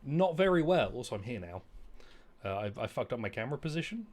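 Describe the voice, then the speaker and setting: A man streams a game and talks over it in a loose, rambling way. He jokes at his own expense and now and then breaks into loud outbursts. His pitch swings widely as he goes. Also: expressive, fast, husky, soft background music. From not American. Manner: rambling, self-mocking, jokey, often bursts out loud. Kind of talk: casual gameplay commentary.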